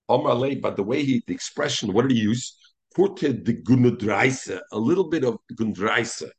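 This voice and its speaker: A man teaching a Talmud lesson in an animated way, mixing Hebrew and Yiddish terms into English and acting out the rabbis he quotes. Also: mid-range voice, vocal fry.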